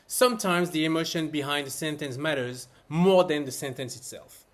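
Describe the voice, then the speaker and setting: A man narrating a scripted French lesson, explaining everyday phrases with expressive emphasis. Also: fairly high pitch. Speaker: French teacher.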